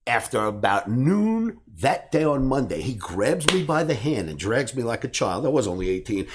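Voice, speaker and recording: A middle-aged man from the New York area telling a personal story, animated and acting out the dialogue. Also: mid-range voice, normal speed, hardly any pauses, noisy background. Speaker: trading educator and host.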